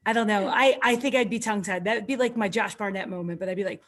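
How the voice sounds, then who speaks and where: Animated woman host telling stories. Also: medium pitch, quick pace. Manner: animated storyteller, acts out quotes. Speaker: podcast host. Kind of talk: casual chat.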